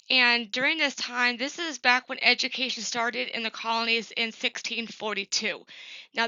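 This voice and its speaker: A woman's voice: on the high side, bright, forceful tone, smooth, no echo, highs cut off. A woman giving a recorded class presentation for her professor. She talks plainly and earnestly, with frequent ums and uhs. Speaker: student presenting an assignment.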